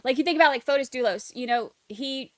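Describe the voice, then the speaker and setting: A woman's voice: high voice, fast talker, no room sound. Chatty Southern woman reading viewer comments. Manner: chatty, reads viewer comments aloud, rambling. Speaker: livestream host. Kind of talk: casual livestream commentary.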